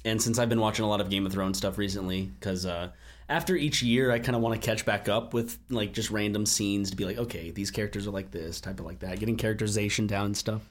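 A man's voice: on the low side, steady tone, quick pace. A man co-hosting a casual group podcast, rambling with frequent restarts and acted-out quotes. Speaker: podcast co-host.

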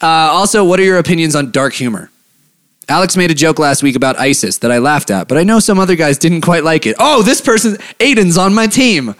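A man's voice: fairly high pitch, lively intonation, a little fast, a bit bright. A man co-hosting a casual podcast, joking and laughing as he reads listener emails aloud. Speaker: podcast co-host.

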